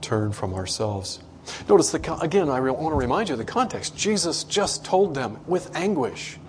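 A man preaching a sermon to a congregation in a conversational way, acting out quoted voices with big swings in pitch. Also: very animated, normal speed, a little hiss or hum. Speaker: pastor.

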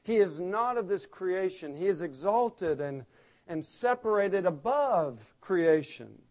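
A man's voice: high voice, lively intonation, takes it slowly, darkish tone. A man preaching an expository sermon, explaining the text earnestly and stressing key words by repeating them.

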